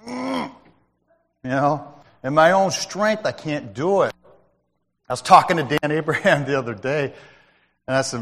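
A man's voice: mid-range voice, very animated, normal speed, long pauses, a bit bright, in a large hall. A man giving a testimony at church in a conversational, storytelling way, calling out to listeners by name. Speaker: lay speaker at church. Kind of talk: sermon-style testimony.

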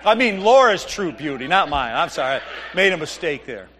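A man's voice: fairly high pitch, very animated, a little fast, fairly bright tone, some chatter behind. A middle-aged male pastor preaching a sermon, reading scripture and telling jokey family stories in a conversational way. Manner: conversational, joking storytelling with Bible reading.

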